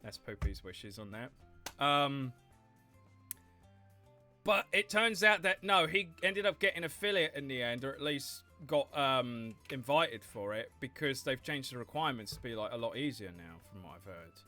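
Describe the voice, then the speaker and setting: Lively, bright-voiced streamer. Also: mid-range voice, normal speed, faint music behind. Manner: chatty, animated, laughs often. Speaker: gaming livestreamer. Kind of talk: casual livestream commentary.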